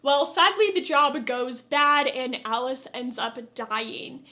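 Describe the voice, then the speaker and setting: A woman with a high voice and lively intonation reviews a show casually and with strong opinions, speaking slowly. She's chatty, and her rants turn loud and exasperated.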